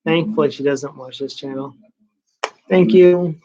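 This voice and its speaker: A man vlogging in a casual late-night monologue, rambling and confessional with hushed asides. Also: a little high, measured pace, highs cut off.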